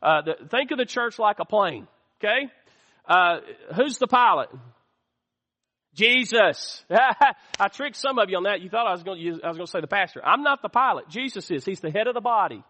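A man's voice: high-pitched, lively intonation, moderate pace, sharp tone, in a large hall. A man preaching a sermon as pastor, calling out to the church and asking for amens. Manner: call-and-response preaching, asks the church for amens. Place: church sanctuary.

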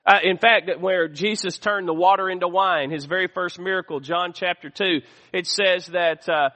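A man's voice: sits high, fairly even intonation, normal speed, pushed and bright. A man preaching a sermon as pastor, calling out to the congregation for responses as he teaches. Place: church sanctuary. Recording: long hall reverb.

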